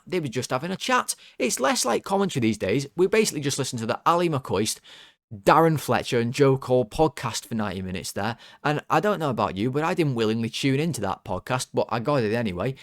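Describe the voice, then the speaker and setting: A man's voice: mid-range voice, no echo, clean studio sound. A young man from England hosting a football fan channel, ranting in an exasperated, sarcastic, rambling way with many restarts. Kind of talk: ranting football video commentary.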